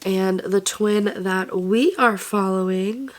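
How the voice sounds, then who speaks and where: A woman's voice: medium pitch, slow pace. Brief: woman, 20s, book vlogger, casual rambling chat, plenty of fillers. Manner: chatty and rambling, full of "like" and "literally".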